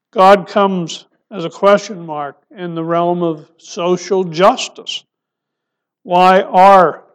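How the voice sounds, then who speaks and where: A male pastor with a voice that sits high preaches a sermon, posing rhetorical questions and softening his voice for emphasis.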